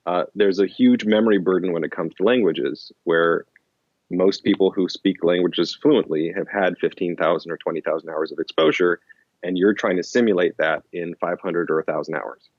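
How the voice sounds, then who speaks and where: A man's voice: low-pitched, normal speed, dry recording, dull audio. A man as an interview guest, explaining in casual rambling talk full of restarts and fillers. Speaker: interview guest, language-learning author.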